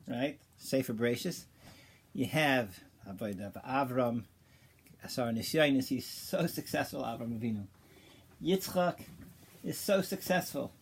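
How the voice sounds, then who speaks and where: A man giving an informal Torah class, telling a story in a casual, halting way with many restarts, sprinkling in Hebrew and Yiddish terms, and getting animated as he builds his point. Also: medium pitch, slightly rough. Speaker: Torah teacher.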